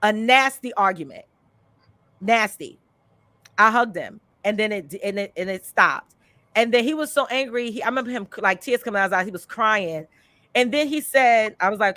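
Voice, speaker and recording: A woman hosting a podcast, telling personal stories in an animated, chatty way full of "you know" and "like". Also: on the high side, normal speed, no echo. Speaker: podcast host and life coach. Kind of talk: candid conversational storytelling.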